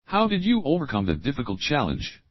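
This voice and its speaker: A male teacher reads practice questions aloud, first the opening words and then the full question. His pitch moves a lot from line to line. The recording is dry and close, with a slightly muffled tone. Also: huge pitch swings, no echo. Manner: slow, clear drill reading, repeating each opening phrase. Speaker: English teacher. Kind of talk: reading example questions for learners.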